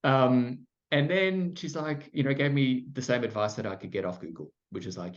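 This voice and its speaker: A man's voice: mid-range voice, moderate pace. A middle-aged Australian man candidly telling his story in conversation, full of "like" fillers and self-deprecating asides. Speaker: podcast guest. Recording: muffled lo-fi sound.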